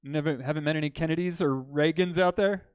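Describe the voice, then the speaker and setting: A man doing a stand-up comedy set in a comedy club, telling crude jokes with deadpan delivery and bantering with the crowd. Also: fairly high pitch, fairly quick, clean tone, no room sound.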